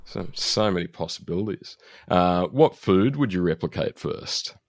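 A podcast host asking quick questions and giving brief reactions. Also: low-pitched, expressive, dry recording, clean studio sound. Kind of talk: casual podcast interviewing.

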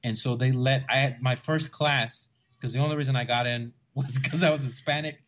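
A young man from South Texas with a Texan accent, co-hosting a casual podcast and telling lively stories with frequent laughs and restarts. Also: medium pitch, moderate pace, slight background noise. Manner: animated storyteller, laughs often, many restarts. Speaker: podcast co-host.

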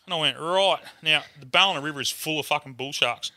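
An Australian man tells a rowdy yarn at a quick clip, his voice a little higher than most men's. The tone is bright and edgy, and the sound is dry and close. He swears freely and slips into the voices of the people in his story. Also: no room sound. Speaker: guest. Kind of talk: casual storytelling.

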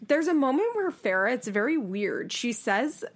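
A young woman co-hosting a casual chat recap with a lively, swooping delivery. Her voice sits fairly high. She slips into exaggerated voices when she quotes people. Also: normal speed. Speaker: podcast co-host.

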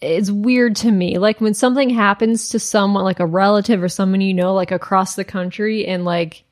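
A woman's voice: mid-range voice, steady tone, normal speed. A woman co-hosting a podcast, telling a strange story in casual chat, full of "like" fillers. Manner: chatty, many "like" fillers. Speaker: podcast co-host.

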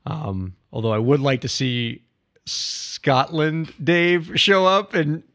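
A man's voice: a little high, slow pace, a bit bright. A man co-hosting a podcast in playful comedic banter, laughing easily as he humors his partner. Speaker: podcast co-host.

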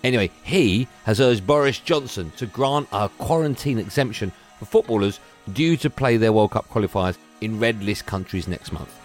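A man's voice: lowish voice, normal speed, soft background music. A man reading a radio sports bulletin in a jokey, playful way. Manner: playful, drifts into silly put-on accents. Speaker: sports news presenter.

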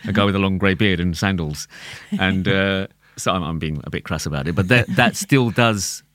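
A man with a London accent, a tabla player talking as a guest in a casual conversation, animated and quick to laugh, often repeating words as he thinks. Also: sits low, dry recording, studio quality.

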